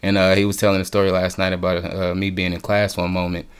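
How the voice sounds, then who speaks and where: A man's voice: low voice, completely flat delivery, fast talker, smooth. A young man chatting casually as a podcast guest, laid-back, laughing often and swearing freely. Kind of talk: casual chat.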